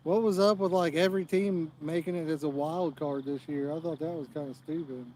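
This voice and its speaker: Brief: talkative outdoorsy male host, slightly high voice, faint outdoor noise behind. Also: steady tone, fairly quick, darkish tone. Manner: chatty, joking, rambling. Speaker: fishing channel host. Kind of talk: casual live-stream chat. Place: outdoors at a fishing spot.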